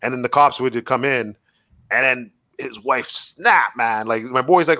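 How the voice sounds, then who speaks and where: A man's voice: mid-range voice, normal speed, bright, forceful tone, no room sound. A man, co-hosting a casual comedy podcast, telling rambling stories full of swearing. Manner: rambling storyteller, swears a lot, laughs through stories. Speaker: podcast co-host. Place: Montreal.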